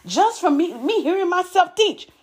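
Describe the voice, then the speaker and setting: A woman voicing a volatile, emotional young woman friend who shouts at the top of her lungs in a high, shrill voice. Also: very animated, normal speed. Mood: shrill exasperated.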